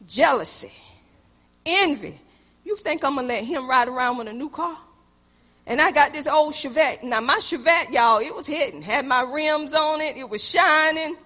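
A woman preaching a sermon, moving between loud exhortation and hushed personal stories, calling her listeners "y'all.". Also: sits high, moderate pace, long reverb tail. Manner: animated, swings from loud exhortation to hushed storytelling; addresses the congregation as "y'all".

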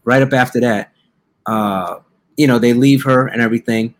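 A young male podcast host talking through a film plot in loose, slangy street talk. His pitch sits in an ordinary middle range, and he keeps it easygoing and comic, dropping in brief character voices as he goes. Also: fairly even intonation, normal speed. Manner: laid-back slangy storytelling with playful quoted voices. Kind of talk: casual comedic movie review.

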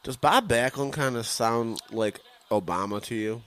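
A man's voice: mid-range voice, unhurried, a bit bright. A man co-hosting a podcast, heckling a wrestling broadcast with casual, profane, sarcastic put-downs. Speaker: podcast co-host. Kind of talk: casual profane watch-along commentary.

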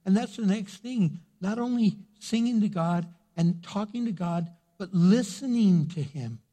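A middle-aged man, preaching a sermon and acting out everyday conversations, building to loud emphasis. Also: high voice, measured pace. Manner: animated, acts out quoted voices, builds to loud emphasis. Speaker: pastor.

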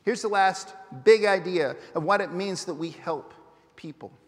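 A high-voiced man preaches to his church congregation, earnest and full of questions to the room. His voice carries a long reverb through a large sanctuary. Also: unhurried. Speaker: pastor. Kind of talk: sermon.

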